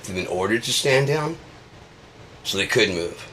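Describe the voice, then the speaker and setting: A man's voice: lowish voice, lively intonation, normal speed, a bit bright, a little hiss or hum. A man delivering a sarcastic, profane comedic rant.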